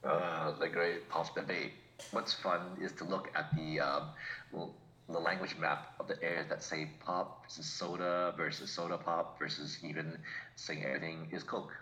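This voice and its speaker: A man's voice: sits low, little pitch movement, normal speed, bright, forceful tone, a little hiss or hum. A man from New England, a podcast co-host chatting casually and reflectively, choosing his words with care. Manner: reflective, picks words carefully. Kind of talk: casual chat. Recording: echoey room.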